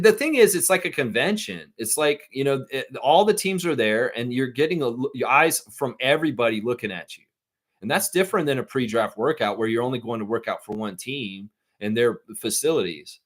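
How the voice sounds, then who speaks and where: A man with a Southern accent hosting a casual live stream, rambling animatedly while reading and answering viewer comments. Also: medium pitch. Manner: animated, rambling, quotes imagined voices. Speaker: livestream host.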